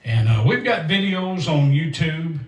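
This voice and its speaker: A man hosting a gospel country livestream, chatting in a folksy, rambling way and reading out viewers' names while a little excited and sweaty. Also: fairly high pitch, measured pace. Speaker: host and singer of a gospel country show. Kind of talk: livestream chat between songs. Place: standing up in a room. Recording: roomy echo, distant mic, guitar music.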